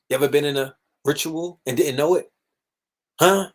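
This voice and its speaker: A young man hosting a casual livestream monologue, animated and profane, sometimes mocking others in put-on voices. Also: a little high, normal speed. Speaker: livestream host.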